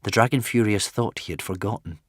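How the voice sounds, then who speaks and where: A man narrating a fantasy audiobook in an expressive, dramatic way. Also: lowish voice, brisk, no room sound, clean studio sound. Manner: dramatic, varied delivery.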